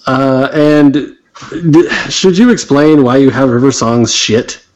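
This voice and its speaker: A man of middling pitch runs a tabletop game, joking with the players and tripping over words as he reads aloud. The recording is muffled and lo-fi. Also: slow, darkish tone. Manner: playful, stumbling over words. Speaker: game master. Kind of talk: casual chat and reading an adventure aloud. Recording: dull, lo-fi sound.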